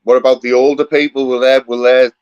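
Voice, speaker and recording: A man's voice: mid-range voice, flat delivery, quick pace, darkish tone, smooth, no room sound. Man, casual chat, asks playful questions, dry dull lo-fi recording. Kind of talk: casual banter podcast chat.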